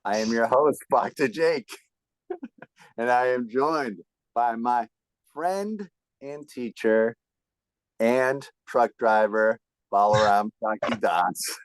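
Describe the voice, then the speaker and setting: A man's voice: mid-range voice, slow pace, long pauses, dry recording, poor audio. A young man hosting a casual podcast from home, upbeat and laughing often, sometimes stumbling over his words. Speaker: podcast host.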